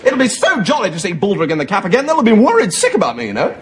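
Brief: a posh, gushing young lieutenant, high lively voice, hissy TV sound. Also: male voice, very fast. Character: cheerful naive young male lieutenant, jolly and eager. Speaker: army lieutenant. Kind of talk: studio sitcom acting. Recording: hissy TV recording with noise. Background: studio audience laughter.

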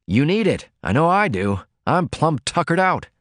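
A man voicing a worn-out, blustering male laundryman who talks in a rough, folksy drawl. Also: fairly high pitch, very animated, moderate pace, dry recording, clean studio sound, pitched above the performer's own voice. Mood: urging.

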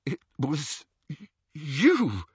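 A man putting on a shaken young man, weak and shivering, firing short urgent questions in a raised voice. It sounds husky and a little off-mic on a muffled, dry audiobook recording. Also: on the high side, big pitch swings, measured pace, pushed and bright, no room sound, pitched above the performer's own voice, exaggerated voice.

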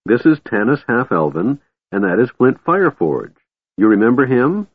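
A man's voice: medium pitch, big pitch swings, normal speed, slightly rough, dry recording, pitched above the performer's own voice. A man voicing a small, cheerful kender who chatters eagerly and politely. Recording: tinny phone-like dry recording.

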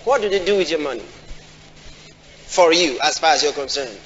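A man preaching a sermon, often asking the congregation questions and acting out quoted voices in a high pitch. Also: animated, normal speed, fairly bright tone, a little hiss or hum. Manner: call-and-response questions to the congregation. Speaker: pastor. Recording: dull audio in a large reverberant hall.

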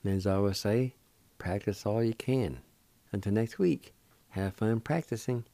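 A man's voice: on the low side, moderate pace, dark tone, no echo. A man hosting a radio language lesson, spelling words out and pronouncing them carefully, syllable by syllable, with repeats. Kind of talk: slow spelling and pronunciation lesson.

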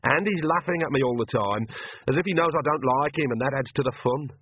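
A man's voice: fairly high pitch, quick pace, slightly rough, no room sound, pitched above the performer's own voice. A man voicing a sullen, stubborn young woman. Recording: tinny phone-like dry sound.

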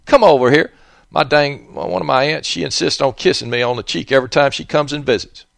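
A man's voice: mid-range voice, a little fast, creaky, fairly bright tone, no room sound. A man with a Southern accent, hosting a rambling monologue in a blunt, profane, digressive way.

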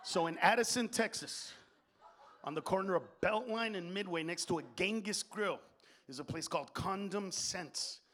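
Loud, crude stand-up comic man. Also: high-pitched, moderate pace. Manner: crude, loud, jumps into impressions. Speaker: stand-up comedian. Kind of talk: stand-up comedy. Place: comedy stage before a live audience.

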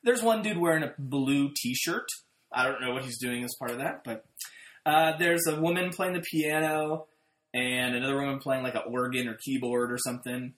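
A podcast co-host telling a story in casual chat, with an animated, sarcastic manner. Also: medium pitch, normal speed. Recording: roomy echoey room.

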